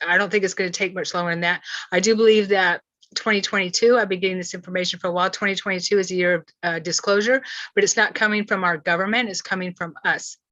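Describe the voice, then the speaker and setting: A woman hosting a spiritual channeling talk, speaking earnestly with halting restarts over a video call. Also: fairly low pitch, fairly even intonation, a bit bright, no room sound. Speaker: host. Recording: dull, slightly lo-fi.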